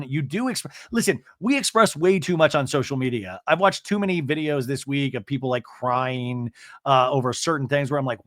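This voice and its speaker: A man hosts a podcast, giving a gossipy, chatty recap of reality TV. His voice sits a little high and swings lively between phrases. The sound is close and dry. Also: dry recording. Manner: animated, chatty, with frequent fillers. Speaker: podcast host.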